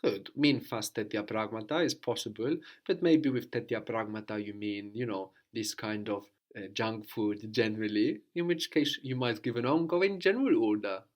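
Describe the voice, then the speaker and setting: Leading a language lesson step by step, a man with a fairly low voice patiently quizzes his student. Many of his points finish with a short "no?" to make sure he's followed.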